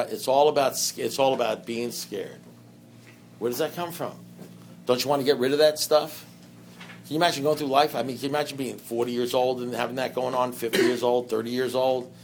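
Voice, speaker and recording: Man, mid-pitched, speaking at a recovery meeting: loose, digressive delivery, acts out exchanges, quiet faint noise behind. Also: steady tone, fairly quick. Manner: conversational and rambling, full of "you know" asides; swings between loud bursts and low, quiet stretches. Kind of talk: personal recovery talk to an audience.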